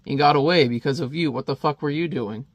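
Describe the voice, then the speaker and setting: A man's voice: on the high side, quick pace, dry recording, natural voice. A man reading the lines of an angry, cussing secret police captain from a comic. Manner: indignant, cussing.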